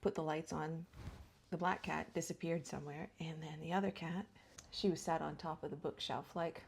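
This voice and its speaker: A woman's voice: low-pitched, steady tone, moderate pace, vocal fry, slight background noise. A middle-aged woman chatting through a get-ready-with-me beauty vlog, rambling and laughing, sometimes dropping to a whisper. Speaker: beauty vlogger. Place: home.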